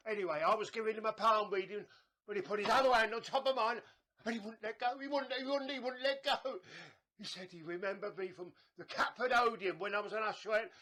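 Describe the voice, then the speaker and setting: A man's voice: sits high, pushed and bright. A man playing a chatty, scheming old woman fortune teller, rambling and stammering theatrically. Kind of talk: comedy sketch acting.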